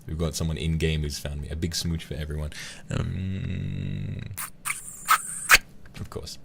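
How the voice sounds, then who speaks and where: Very deep-voiced male streamer. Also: flat delivery, unhurried, gravelly, darkish tone, a little hiss or hum. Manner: rambling, playful, laughs often. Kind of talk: casual stream chat.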